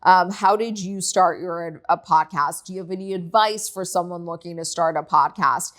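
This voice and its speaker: A young woman hosting her own podcast, telling a personal story in a candid, animated way with frequent swearing and filler likes. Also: fairly low pitch, moderate pace. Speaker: podcast host. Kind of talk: casual solo podcast chat.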